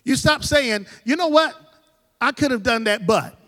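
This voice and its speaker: High-voiced preacher in a reverberant church. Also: male voice, animated, measured pace. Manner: rising preaching cadence, swings between loud and soft. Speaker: pastor. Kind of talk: sermon. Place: church sanctuary.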